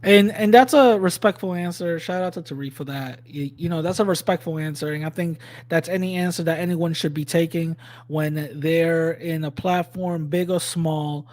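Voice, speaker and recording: High-voiced man doing blunt reaction commentary. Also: normal speed, a little mellow, dry recording. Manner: blunt, slangy, calls out a lie point by point. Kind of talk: casual commentary on a played clip.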